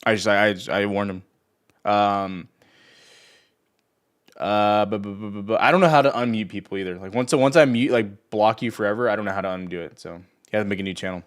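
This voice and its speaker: A man's voice: fairly low pitch, steady tone, brisk. A young man hosting a trading livestream, talking casually and ranting at viewers in chat with sarcasm and profanity. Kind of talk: casual live stream chat.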